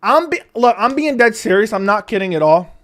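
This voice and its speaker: A man's voice: sits high, lively intonation, brisk. A man hosting a live stream, reading chat and ranting in a heated, profane way. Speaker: livestream host.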